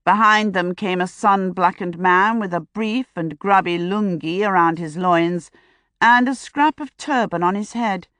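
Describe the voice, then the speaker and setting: A woman narrates a suspense novel in measured, wry first person. Her voice sits mid-range for a woman. The sound is close and dry, with no room around it. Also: medium pitch, fairly bright tone, dry recording. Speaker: audiobook narrator.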